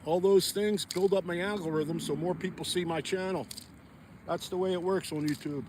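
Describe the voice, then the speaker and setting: A man's voice: on the high side, steady tone, moderate pace, pauses often, darkish tone, slight background noise. A chatty, folksy man vlogging outdoors on a frozen lake, talking straight to his viewers. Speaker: fishing vlogger. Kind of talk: casual outdoor vlog talk.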